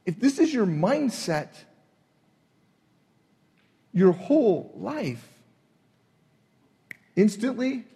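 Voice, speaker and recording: A man preaching a sermon, emphatic and animated, acting out the people in his retelling. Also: sits high, very slow, creaky, pauses often, big-room sound. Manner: emphatic, acts out voices in retelling. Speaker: pastor.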